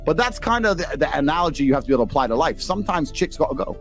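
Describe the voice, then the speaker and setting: Blunt, profane English man with fast swagger. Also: fairly high pitch, big pitch swings, a bit bright, faint music behind. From England. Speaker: podcast guest, former kickboxer. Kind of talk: casual storytelling chat.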